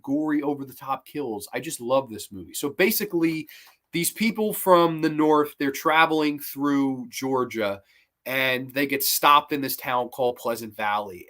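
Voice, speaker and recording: A man giving a casual review of old horror films, excitable and swearing freely. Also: on the high side.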